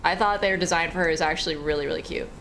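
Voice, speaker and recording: A woman's voice: on the low side, rapid-fire, fairly bright tone, a little hiss or hum. A woman streaming a horror game, chatting casually, joking and swearing freely as she plays. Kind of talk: casual gaming commentary.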